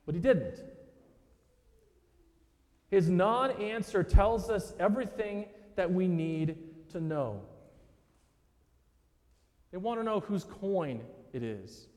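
A man with a high voice preaches a sermon to his congregation, with a loose, conversational delivery. His voice rings out with a long reverb through the church sanctuary. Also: expressive, takes it slowly, pauses often, darkish tone. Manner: conversational preaching, addresses listeners as "guys". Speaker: pastor.

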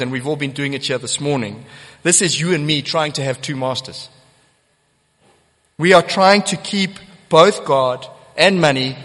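A man's voice: a little high, a bit bright. A man preaching a sermon as pastor, earnest and emphatic, repeating key phrases for weight. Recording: long church hall reverb.

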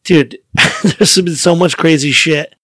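A man's voice: on the high side, fairly even intonation, measured pace, fairly bright tone, dry recording. A man hosting a casual podcast chat, chuckling and prompting his guest with questions. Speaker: podcast host.

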